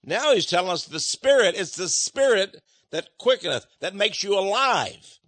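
Male preacher, high voice, dry close sound, emphatic sermon style. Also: very animated, moderate pace, pushed and bright, no echo. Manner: emphatic, rhetorical questions, acts out quotes.

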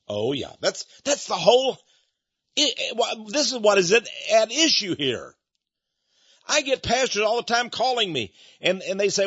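Speaking at a normal speed in a high, sing-song voice that's a bit bright and breathy, a man who leads a ministry and hosts its radio program earnestly asks for donations in a folksy way, then teaches from the Bible. He restarts frequently. The audio is dull, without room sound.

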